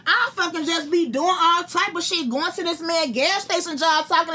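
A young adult woman telling a profane, animated story to friends and acting out the quotes. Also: very high-pitched, moderate pace, few pauses, slight background noise.

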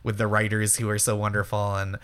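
A man from Eastern Massachusetts with a local accent, a comedian guest chatting casually, self-deprecating and quick to laugh. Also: fairly low pitch, monotone, a bit bright. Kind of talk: casual chat.

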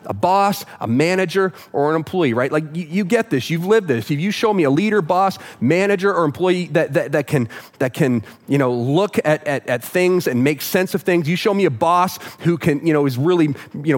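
Joking conversational male pastor. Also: a little high. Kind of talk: sermon. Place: church auditorium with live audience.

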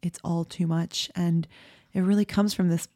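A woman's voice: on the low side, fairly even intonation, normal speed, dark tone, dry recording, studio quality. A woman vlogger candidly recounting a personal experience to her viewers, full of "like" and "um", tearful at times. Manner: candid, emotional, fillers like "like" and "um". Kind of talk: personal storytelling to camera.

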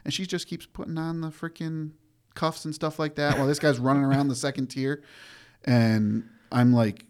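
A man's voice: mid-range voice, moderate pace. A man, a guest telling stories from his days as a corrections officer in casual chat, acting out the quotes as he goes. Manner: animated storyteller, acts out quotes. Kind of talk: casual storytelling.

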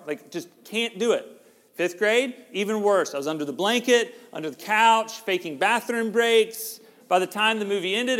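A man's voice: sits high, fairly bright tone. A middle-aged man, preaching a conversational sermon that jokes with the congregation. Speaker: pastor. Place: church sanctuary. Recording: long hall reverb.

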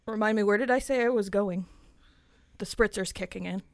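A woman playing a tabletop game, speaking casually with deadpan asides. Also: medium pitch, a little fast, no room sound. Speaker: player. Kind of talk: tabletop role-play.

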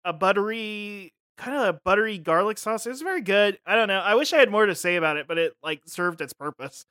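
A man's voice: a little fast, no room sound, clean studio sound. A man co-hosting a podcast in casual chat, rambling and giggling as he talks. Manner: rambling, giggly, lively pitch. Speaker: podcast co-host.

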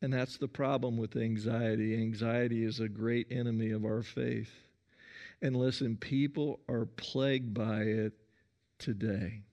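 A man preaching a sermon in an earnest way, often calling "listen" and pausing between phrases. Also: mid-range voice, fairly even intonation, warm tone, muffled recording. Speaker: pastor.

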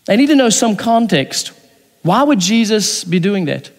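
In a large hall, a pastor preaches a sermon, reading scripture aloud and acting out its dialogue in shifting voices. His voice is high-pitched and very animated at a moderate pace.

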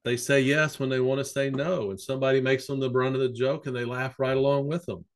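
The medium-pitched voice belongs to a middle-aged man who works as a psychotherapist and is a guest. Talking a little fast, he spins long, lively, meandering stories in casual conversation.

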